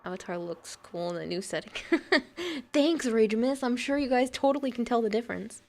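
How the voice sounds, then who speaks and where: A woman's voice: a little high, lively intonation, normal speed, gravelly, darkish tone. A woman livestreamer chatting casually and rambling as she plays a game and reads out her chat, often breaking into laughter. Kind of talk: casual chat while gaming and reading chat.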